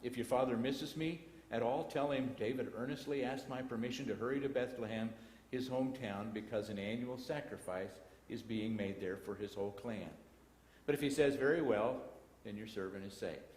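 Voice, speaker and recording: A man's voice: medium pitch, normal speed, a little mellow. A man with a Texan accent teaching a Bible class in a church, reading scripture aloud and breaking into folksy asides. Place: church auditorium. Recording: echoey church hall broadcast.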